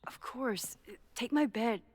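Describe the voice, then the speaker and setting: An actress voicing a thoughtful, hesitant young woman in a video game, speaking her inner thoughts softly, heard as game audio with music. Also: a little high, slow, big-room sound. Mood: gentle. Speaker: game protagonist.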